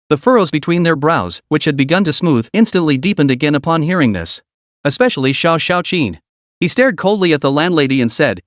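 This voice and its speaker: Reading from a script, the man recaps a dramatic story with lively storytelling, taking on all the characters' lines himself. He sounds a little high and a little fast, with clean studio sound and no echo.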